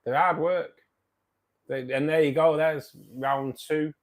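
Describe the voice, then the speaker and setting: A slightly high-pitched British man speaks slowly with fairly even intonation as he hosts a live stream and goes through viewer comments. His manner is chummy and relaxed, with the odd swear word and plenty of chuckling.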